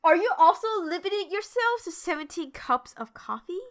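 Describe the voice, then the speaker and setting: A woman's voice: extremely high pitch, expressive, normal speed, fairly bright tone. A young adult woman giving casual, rambling gaming commentary and swearing. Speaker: let's play commentator.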